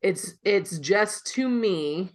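A woman's voice: medium pitch, lively intonation, extremely slow. A woman co-hosting a podcast, talking politics in a blunt, profane, opinionated way. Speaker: podcast co-host. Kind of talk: casual political chat.

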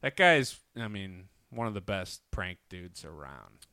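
Animated, bright-voiced man chatting. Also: deep voice, measured pace, clear, resonant tone, no room sound, studio quality. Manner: animated storyteller, laughs while telling jokes. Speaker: podcast co-host. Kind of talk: casual chat.

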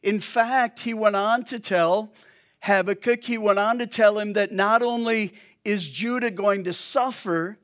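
A man's voice: sits high, unhurried, a bit bright. A male pastor preaching a sermon in a conversational way, with joking asides to the congregation.

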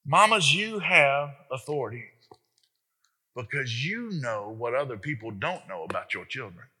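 A man preaching a sermon as pastor, animated and emphatic, often speaking straight to the congregation with rhetorical questions. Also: mid-range voice, a little slow, husky.

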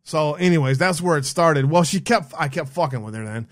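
A man's voice: fairly high pitch, lively intonation, brisk. Profane, fired-up male stream host. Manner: profane, heated, restarts often. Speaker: stream host taking callers. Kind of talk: casual ranting storytelling.

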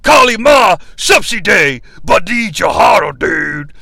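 A man's voice: high voice, big pitch swings, creaky, no echo, studio quality, heavily acted. A man doing a bellowing wrestler impression. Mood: bellowing hype. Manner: shouting, drawn-out dude-speak. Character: boastful shouting wrestler in surfer-dude bravado.

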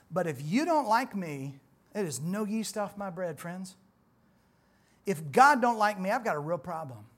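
Folksy preacher in his forties. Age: 40s. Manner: folksy, conversational preaching that swells louder and higher on emphatic points. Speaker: pastor. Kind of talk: sermon. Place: church.

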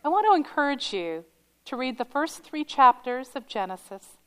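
A woman's voice: high-pitched, sing-song, moderate pace, bright, forceful tone, clean tone, low-quality recording. Woman pastor closing a Sunday class. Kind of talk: Sunday school teaching.

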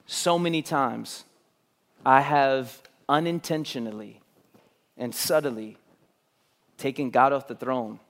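A man preaching a sermon in an auditorium, dropping to near-whispers on key lines and building to loud, emphatic runs. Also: medium pitch, takes it slowly, long pauses. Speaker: pastor.

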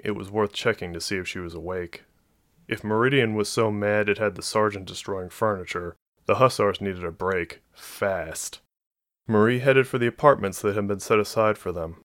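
A man narrating a novel as an audiobook in a steady, even storytelling voice. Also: lowish voice, dry recording.

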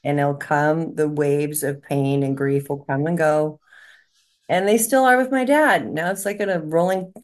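A woman with a deep voice, a medium who co-hosts a podcast, speaks a little slowly in casual conversation. She rambles emotionally and laughs often.

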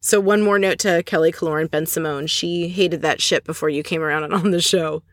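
A woman's voice: sits low, fairly even intonation, a little fast, dry recording. A woman hosting a podcast, chatting casually as she recaps scenes and adds opinionated asides. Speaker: podcast host recapping a reality show.

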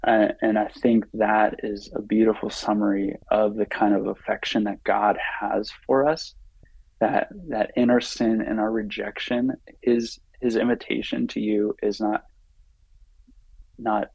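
A man, a podcast guest, telling a story in an earnest, halting way with frequent fillers and restarts. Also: lowish voice, level tone, vocal fry, a little mellow, breathy edge, no room sound, poor audio. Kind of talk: reflective conversational storytelling.

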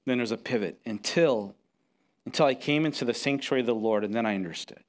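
A middle-aged man preaching a sermon as pastor, telling stories with lively acted-out quotes and often repeating words as he restarts. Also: medium pitch, fast. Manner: animated storytelling, acts out quotes.

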